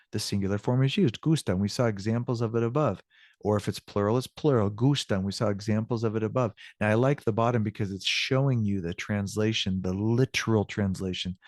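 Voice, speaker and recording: A man's voice: fairly low pitch, a little mellow, no room sound, studio quality. A male Spanish teacher walking students through grammar, patiently repeating example sentences and checking in with the class.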